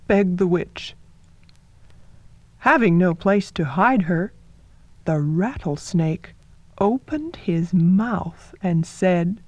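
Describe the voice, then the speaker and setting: Slow, soft-spoken woman telling a folktale. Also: medium pitch, no echo, lo-fi sound. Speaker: storyteller. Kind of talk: folktale narration.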